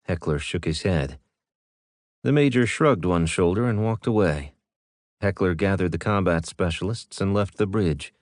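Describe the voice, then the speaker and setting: A man narrating an audiobook in a steady storytelling manner. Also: sits low, normal speed, dry recording, studio quality. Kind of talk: scripted narration.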